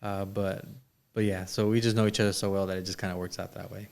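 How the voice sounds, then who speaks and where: A man talking casually as a podcast guest, relaxed and easygoing as he tells his side of things. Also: low-pitched, fast, gravelly. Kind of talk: casual conversation.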